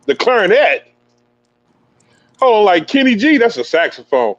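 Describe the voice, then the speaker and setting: A man hosting a podcast in a hype, slangy, joking manner, his voice sitting a little high. The sound is dull and lo-fi, and very dry. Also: very animated, normal speed, fairly bright tone, dry recording. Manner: hype, slangy, playful banter. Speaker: podcast host interviewing a youth player. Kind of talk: casual podcast interview.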